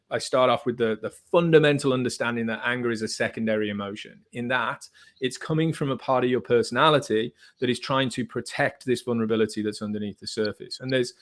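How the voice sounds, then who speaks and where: Measured male therapist explaining. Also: medium pitch, a bit bright. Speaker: therapist, host. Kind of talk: explanatory talk.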